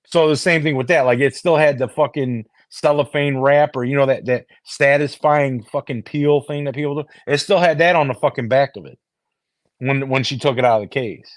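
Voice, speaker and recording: A streamer rambles to his viewers in a loose, profane chat, tripping over repeated words and restarting sentences. His voice sits at an ordinary middle pitch at a moderate pace. Captured on a phone, the sound is very dry and close with no room echo.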